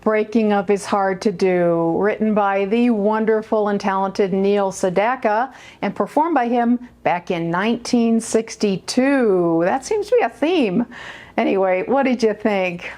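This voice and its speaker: A woman's voice: medium pitch, measured pace, darkish tone. A woman hosting a home cooking show, chatting casually as she explains each step at the stove in her kitchen.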